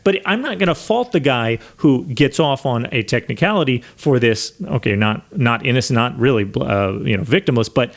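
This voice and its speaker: A man's voice: medium pitch, expressive, moderate pace, creaky, few pauses. Earnest man co-hosting a legal podcast. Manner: earnest, emphatic, many restarts. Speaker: podcast co-host, lawyer. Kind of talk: casual legal discussion.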